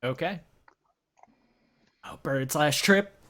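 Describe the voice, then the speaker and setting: A man narrating as game master of a tabletop game, relaxed and hesitant, with many fillers. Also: fairly high pitch, slow pace. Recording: muffled lo-fi recording.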